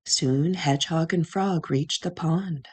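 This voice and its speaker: A woman narrating a children's storybook in a gentle, measured way. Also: low-pitched, breathy edge. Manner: gentle, measured, with sound effects.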